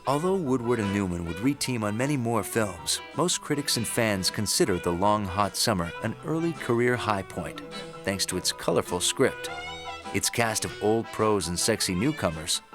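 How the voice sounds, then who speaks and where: A man narrating a film history documentary in a measured, scripted storytelling style. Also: lowish voice, animated, over music.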